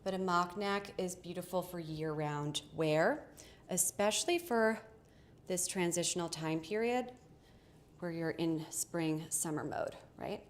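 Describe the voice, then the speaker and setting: A woman's voice: on the low side, a little slow, a little hiss or hum. A woman hosting a live fashion try-on from her small home studio, chatty and addressing viewers directly. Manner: chatty, self-interrupting, talks to viewers. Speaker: fashion livestream host. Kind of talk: casual live try-on chat.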